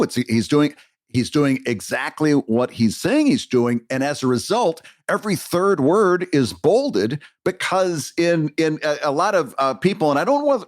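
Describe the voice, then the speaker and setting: A man's voice: a little high, big pitch swings, moderate pace, no echo, clean studio sound. A man co-hosting a podcast in casual chat, talking in rambling bursts with many restarts. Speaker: podcast co-host.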